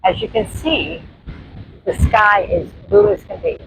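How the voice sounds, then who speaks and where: Gravelly New York woman vlogging on the beach. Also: mid-range voice, animated, unhurried. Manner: chatty, addresses viewers as friends. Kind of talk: casual walking vlog narration. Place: outdoors on a windy beach. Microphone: handheld phone camera. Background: faint surf and wind.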